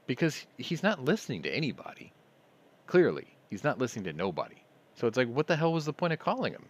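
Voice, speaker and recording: A man's voice: mid-range voice, huge pitch swings, quick pace. A man hosting a casual livestream, reading news headlines aloud and riffing on them with sardonic asides. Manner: sardonic, reads headlines then riffs on them.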